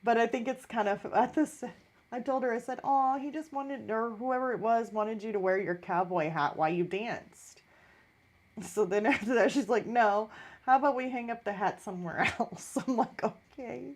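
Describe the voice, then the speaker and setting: A middle-aged woman chats casually on her live stream, her voice a little higher than most. She tells a story in an easy, animated way and briefly imitates the people she quotes. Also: moderate pace. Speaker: artist hosting a live stream.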